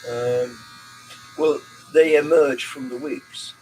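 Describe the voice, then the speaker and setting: A man, a customer who gives talks on cruises, answering questions in a measured, dry, informative way. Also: mid-range voice, steady tone, over music. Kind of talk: casual chat. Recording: distant mic with faint hum.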